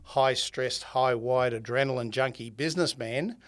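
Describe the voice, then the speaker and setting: Older Australian man telling a lively story. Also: mid-range voice, moderate pace. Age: 70s. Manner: animated storyteller who acts out quoted dialogue and laughs often. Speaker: podcast guest, laughter yoga founder. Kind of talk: conversational storytelling.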